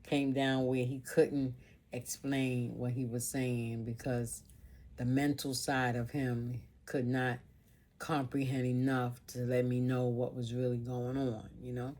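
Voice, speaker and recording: A woman's voice: a bass voice, level tone, takes it slowly, darkish tone. A woman vlogger telling a personal story in an emotional monologue, earnest and informal, piling up repeated phrases.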